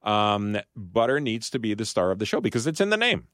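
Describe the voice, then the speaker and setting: A man's voice: on the low side, sing-song, fairly quick, a bit bright, no room sound. A man as a studio guest on a radio show, chatting about baking in a rambling, explaining way with frequent restarts. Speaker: studio guest, food commentator. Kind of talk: casual radio talk. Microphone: studio microphone.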